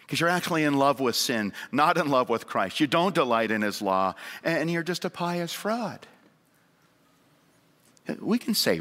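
A man preaching a sermon in earnest, moving between raised emphasis and hushed appeals. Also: medium pitch. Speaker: pastor. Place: church sanctuary. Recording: long church hall reverb.

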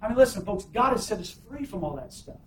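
A man's voice: high-pitched, animated, quick pace, a little mellow, reverberant, distant mic, a little hiss or hum, poor audio. A man preaching a sermon as pastor, emphatic, calling for amens from the congregation. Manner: emphatic, call-and-response preaching.

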